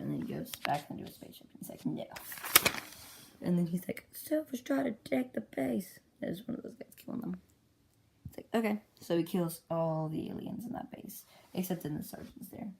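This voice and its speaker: A woman with a fairly low, fry-laden voice breathlessly rambles through the story of her homemade comic against a noisy background. As the comic creator retells it casually, she keeps breaking into squealed character voices.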